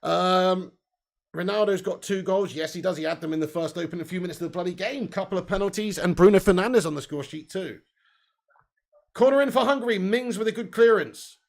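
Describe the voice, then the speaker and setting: Gravelly chatty football streamer. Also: male voice, high-pitched, a little fast. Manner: chatty, laughs often, reads out chat comments. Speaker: host. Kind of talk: live match watch-along commentary.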